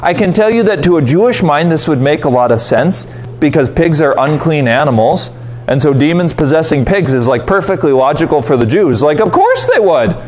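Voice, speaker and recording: A man leading a casual Bible study, talking conversationally, putting on quick voices for reactions and asking his listeners rhetorical questions. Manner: conversational, animated, voices quoted reactions with pitch jumps; asks the audience rhetorical questions.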